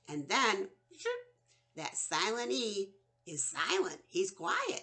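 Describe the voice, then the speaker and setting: A woman teaching a children's phonics lesson, sounding out vowels slowly and with exaggeration. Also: fairly low pitch, sing-song, bright, forceful tone, a little hiss or hum.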